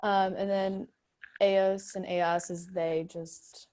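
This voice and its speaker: Hesitant teen girl, slow and flat. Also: medium pitch, clean tone. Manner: hesitant, checks answers. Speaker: student. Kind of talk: answering in class.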